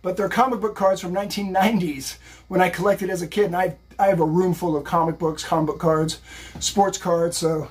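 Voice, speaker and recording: A man's voice: high-pitched, fairly even intonation, brisk, husky. A man giving a casual, motivational live-stream tarot reading while lifting weights, rambling and upbeat. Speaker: psychic and fitness streamer.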